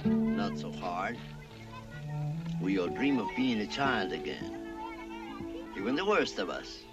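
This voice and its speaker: An actor playing a sorrowful old village elder, speaking slowly and gravely in an old film. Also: male voice, lowish voice, wildly swooping pitch, lo-fi sound, loud music behind the voice, full character voice. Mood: somber. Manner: slow, grave, measured. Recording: film soundtrack with loud score.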